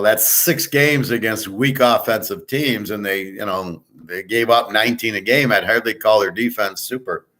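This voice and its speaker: Brief: man, lowish voice, casual sports handicapper, rambling stat-heavy delivery. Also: fairly bright tone. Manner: rambling, stats-heavy, with many fillers. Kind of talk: casual betting picks talk.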